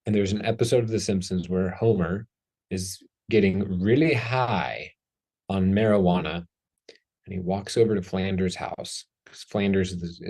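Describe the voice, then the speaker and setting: A man's voice: low-pitched, darkish tone, breathy edge. A man hosting a casual talk show, talking in a playful, chatty way and joking about himself. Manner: playful, chatty, self-deprecating. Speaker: host.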